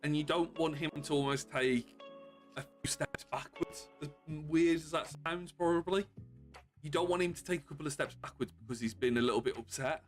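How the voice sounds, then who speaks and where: A man streaming games, chatting casually and more quietly than usual because of bruised ribs, chuckling often. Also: a little high, moderate pace, faint music behind. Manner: subdued, calmer than usual, with frequent chuckles. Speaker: game streamer. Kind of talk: casual live-stream chat.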